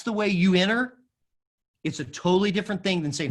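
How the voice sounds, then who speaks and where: Male speaker, preaching style, fairly high voice, emphatic delivery that swings loud and soft, gets the room repeating after him. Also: brisk. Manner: emphatic, varies loudness widely, drops to a soft low voice for quoted lines; calls on the audience to repeat phrases. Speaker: speaker at a school of music forum. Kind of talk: sermon-style talk.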